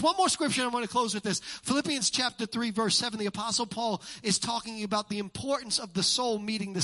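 A man preaching a sermon as a pastor, animated and joking with his congregation in a church. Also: extremely high pitch. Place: church sanctuary.

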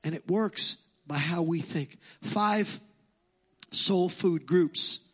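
A man's voice: fairly high pitch, takes it slowly, a bit bright, slightly rough. Emphatic Brooklyn-accented male pastor. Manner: emphatic, repeats phrases. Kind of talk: sermon. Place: church.

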